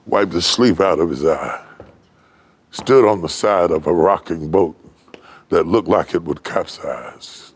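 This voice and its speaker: An older man from West Virginia preaching a sermon, building from low, slow telling to high, ringing shouts. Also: breathy edge. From West Virginia, United States. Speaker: pastor.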